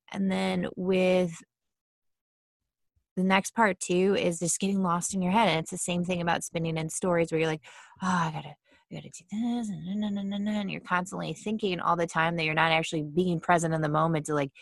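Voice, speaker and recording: A woman giving a casual mindfulness talk, chatty and quick to act out inner thoughts in little voices. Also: lowish voice, creaky, dry recording, clean studio sound. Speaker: mindfulness speaker.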